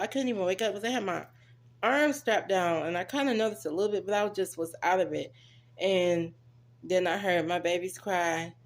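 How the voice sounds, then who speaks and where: A woman's voice: mid-range voice, darkish tone. A young woman casually telling her own story to viewers, chatty and direct, acting out what others said. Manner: chatty, addresses viewers as y'all, acts out quoted voices.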